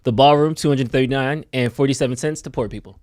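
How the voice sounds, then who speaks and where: A man co-hosting a show, reading jokes out in a dry, deadpan way. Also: medium pitch, quick pace, dry recording. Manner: dry, deadpan joke delivery. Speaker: co-host. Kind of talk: casual chat reading memes.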